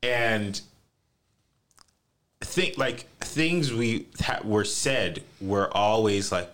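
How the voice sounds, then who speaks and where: A man from the US East Coast with a low voice that swings widely up and down. He tells joking stories in a casual podcast chat, with a teasing, animated delivery. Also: extremely slow, long pauses.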